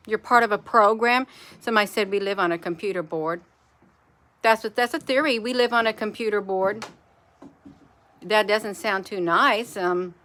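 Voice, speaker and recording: A woman chats in a loose, rambling way on a live stream, turning to her viewers often. Her voice is bright and forward, sitting at an ordinary middle pitch. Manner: rambling, chatty, addresses viewers as "you all". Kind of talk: casual live-stream chat.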